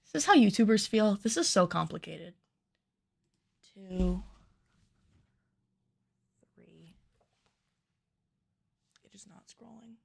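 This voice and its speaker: Her mid-range voice is creaky and a little mellow, swinging widely in pitch as she talks slowly with long pauses. She's a cosplay pattern maker and streamer, filming while chatting casually, camera-shy and musing aloud in a self-mocking way.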